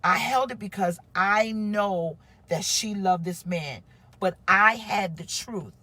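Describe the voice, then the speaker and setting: A woman pastor with a husky, slightly breathy voice. She tells her own story with feeling and acts out what others said. Her pitch is moderate for a woman. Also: slow, no room sound. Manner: emotional, animated storytelling with acted quotes. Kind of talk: testimony on a live stream.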